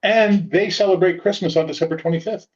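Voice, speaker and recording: A man's voice: sits high, fairly quick, lo-fi sound. A man co-hosting a casual talk show, joking and swearing, with lots of "like" fillers. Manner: joking, profane, uses "like" as filler. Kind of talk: casual chat.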